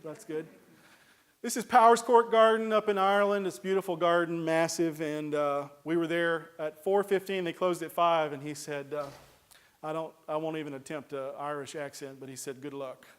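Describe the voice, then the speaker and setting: Man, folksy rambling lecture, slightly higher voice, lots of uhs. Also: steady tone, normal speed, clean tone. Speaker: horticulture lecturer. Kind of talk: casual lecture with slides. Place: lecture hall.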